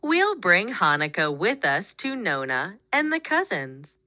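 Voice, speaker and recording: A woman voicing an earnest young girl in a storybook, with a high childlike delivery. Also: very animated, a little slow, bright, forceful tone, dry recording, full character voice. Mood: cheerful.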